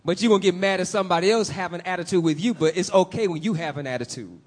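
High-voiced man preaching a sermon. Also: fast. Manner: preaching with swells of emphasis, asks the congregation questions.

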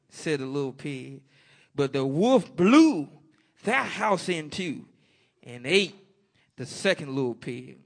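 A preacher delivers a folksy sermon with a high, bright voice. He talks at an unhurried pace but his pitch leaps up and down. He keeps breaking off to call out amen to the congregation. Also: big pitch swings, gravelly.

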